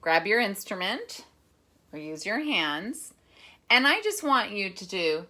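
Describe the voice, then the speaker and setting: A woman teacher reading a picture book aloud with lively emphasis, then patiently explaining a rhythm lesson. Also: medium pitch, unhurried, background noise. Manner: animated, expressive reading with dramatic emphasis; patient, encouraging classroom explanation. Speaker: music teacher.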